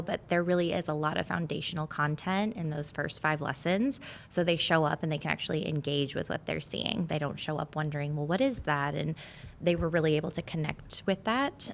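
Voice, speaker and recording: Woman teacher, low gravelly voice, earnest podcast guest, faint rumble behind. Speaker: fourth grade teacher. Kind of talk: podcast conversation.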